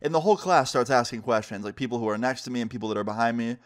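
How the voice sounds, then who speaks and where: A man YouTuber telling a storytime vlog with lively, acted-out dialogue. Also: medium pitch, racing.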